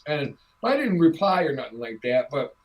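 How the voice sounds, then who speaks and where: A woman's voice: low-pitched, moderate pace, highs cut off. Transgender woman, talk-show host, blunt and fired up, lots of rhetorical questions. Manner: frank, animated, argues with rhetorical questions. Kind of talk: casual talk-show chat.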